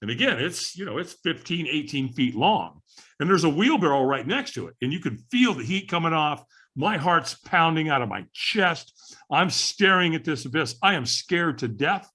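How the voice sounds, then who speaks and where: A man telling his life story as a podcast guest, animated and acting out the voices of the people in it. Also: a little high, moderate pace, slightly rough. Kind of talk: storytelling in casual interview.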